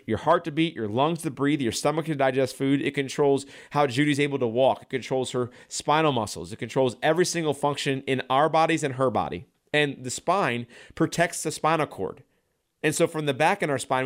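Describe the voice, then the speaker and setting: A man who works as a chiropractor, giving an energetic health talk with many repeated words and restarts, often checking in with "right?". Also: medium pitch. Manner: energetic, keeps asking "right?"; repeats himself, frequent restarts.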